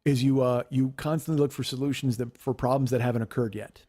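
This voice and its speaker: A man in his forties hosting a podcast, telling a story in casual chat, profane, animated and self-mocking. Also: mid-range voice, quick pace. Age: 40s. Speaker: podcast host.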